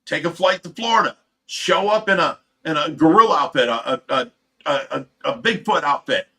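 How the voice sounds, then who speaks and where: A man's voice: on the high side, animated, normal speed, pushed and bright. A man hosting a livestream, telling a heated, rambling story full of swearing in casual chat. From Ohio. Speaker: livestream host.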